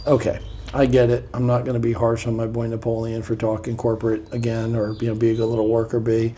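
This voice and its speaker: Man, casual vlog, mellow warm tone, sarcastic asides, faint background hum. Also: mid-range voice, completely flat delivery, quick pace. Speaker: vlogger reading a self-help book. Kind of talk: casual joking commentary.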